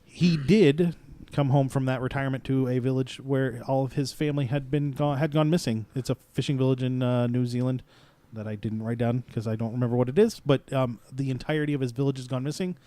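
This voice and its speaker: Male player, relaxed casual delivery, dry recording. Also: mid-range voice, a little fast, no room sound. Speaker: tabletop player. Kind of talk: casual character introduction.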